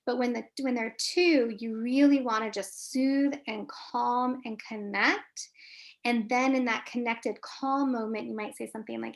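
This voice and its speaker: A woman's voice: fairly high pitch, steady tone, moderate pace, creaky. A woman therapist answering parenting questions in a live webinar, in a coaching manner. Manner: warm, coaching, asks if answers helped. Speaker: licensed marriage and family therapist, webinar guest.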